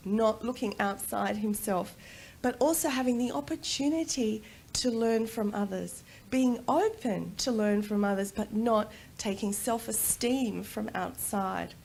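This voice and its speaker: A woman giving a talk at a conference, lively and slowing down to stress key phrases. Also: medium pitch, vocal fry, a little hiss or hum. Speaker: conference speaker. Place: conference stage.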